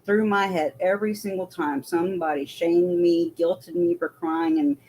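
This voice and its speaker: A woman's voice: on the low side, normal speed, mellow, a little hiss or hum. A woman, a military veteran, telling her story as an interview guest in a rambling way with many restarts.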